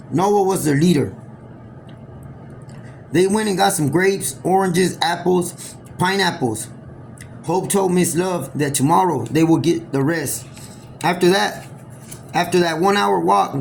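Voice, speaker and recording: A man telling a homemade story aloud, rambling and halting, often restarting his sentences. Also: sits high, creaky, a little mellow, slight background noise. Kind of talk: improvised oral storytelling.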